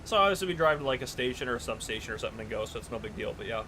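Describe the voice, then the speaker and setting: A man's voice: mid-range voice, expressive, very fast, bright, forceful tone, slight background noise, low-quality recording. A man chatting casually on a live gaming stream, telling stories, reading chat aloud and laughing often.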